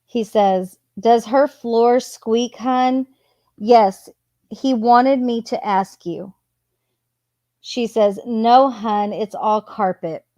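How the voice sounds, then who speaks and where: Lady reading texts out loud real slow, dropping in casual little asides. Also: a little high, no echo. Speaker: channel host. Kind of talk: reading text messages aloud with commentary.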